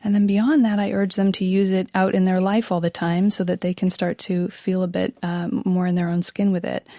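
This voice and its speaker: A woman accent coach, explaining in a clear, encouraging way on a radio show. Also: lowish voice, level tone, a little fast, warm tone, dry recording, clean studio sound. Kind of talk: radio interview guest. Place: radio studio. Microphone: studio mic.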